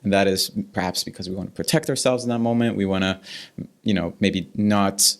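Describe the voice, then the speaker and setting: A man hosts a podcast conversation, picking up on his guest's story and drawing a broader point out of it. His voice sits fairly low. He speaks in a thoughtful, considered way. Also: steady tone, a little fast. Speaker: podcast host. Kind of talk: interview conversation.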